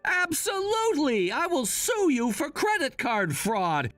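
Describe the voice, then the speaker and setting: A man plays a scheming young son in a text-message story drama, with a high, very animated voice. He talks calmly and matter-of-factly, recorded dry and close over faint music. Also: a little slow, no echo, full character voice. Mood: calculating. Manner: calm, matter-of-fact, quietly scheming. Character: scheming young adult son, calm and calculating.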